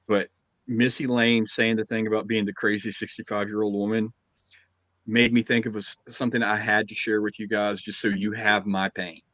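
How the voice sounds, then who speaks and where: A man co-hosting a podcast, telling a funny anecdote in a casual, lively way. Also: lowish voice, normal speed, no room sound, rough recording. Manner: animated anecdote-teller, chuckling through his story. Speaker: podcast co-host. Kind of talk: casual chat, storytelling.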